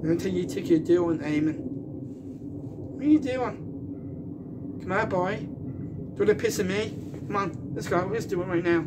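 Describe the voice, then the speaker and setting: A man's voice: high-pitched, fairly even intonation, normal speed, noisy background. A man delivering a rambling, defiant rant in a slightly raised voice. He hammers his points and circles back to them with insistent emphasis.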